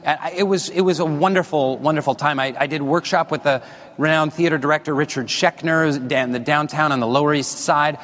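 Man on stage, slightly high voice, rambling self-deprecating talk, long echo of a big hall. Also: fairly even intonation, fairly quick, fairly bright tone, a little hiss or hum. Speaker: speaker giving a talk. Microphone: wearing a body mic. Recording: long reverb of a large hall.

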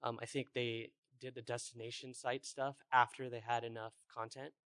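A man on a panel offering suggestions in an even manner. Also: medium pitch, moderate pace, clear, resonant tone, dry recording, clean studio sound. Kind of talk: conference panel discussion.

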